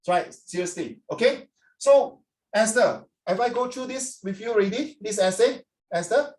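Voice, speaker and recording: A middle-aged man with a Singaporean English accent, giving chatty, lively feedback to students in an online class and mixing in Chinese phrases. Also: sits high, moderate pace. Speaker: tutor. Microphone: computer mic on a video call. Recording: echoey room.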